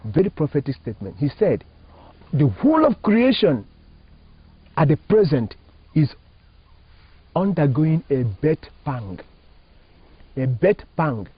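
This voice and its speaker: A Catholic priest from Nigeria, a man, explains spiritual ideas in an emphatic, preacherly way, posing rhetorical questions. His fairly high voice swoops lively up and down and carries a husky edge. The recording is dull and lo-fi, dry with no room sound. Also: slow pace, pauses often, dry recording. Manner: emphatic, preacherly, rising and falling phrasing, asks rhetorical questions. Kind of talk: spiritual teaching in an interview.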